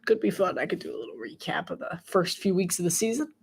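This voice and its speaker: A woman's voice: lowish voice, fast, creaky, husky. Nasal woman calling a game live. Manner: jokey, laughs often, rambling asides; rises to loud excitement on big plays. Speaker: sports commentator. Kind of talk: casual live play-by-play commentary.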